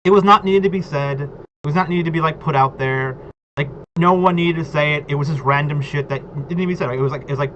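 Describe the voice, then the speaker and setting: A man's voice: fairly high pitch, quick pace, a bit bright. A man in casual chat about tabletop role-play, rambling and filling his talk with "like" and "right?". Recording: dull lo-fi audio with clear background noise.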